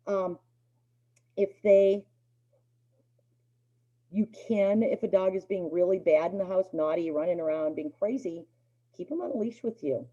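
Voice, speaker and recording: A woman's voice: lowish voice, measured pace, long pauses, mellow. A middle-aged woman teaching a dog obedience class in a chatty lecture, acting out the dogs' thoughts in playful voices. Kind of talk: casual spoken lecture to a class. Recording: dull lo-fi recording.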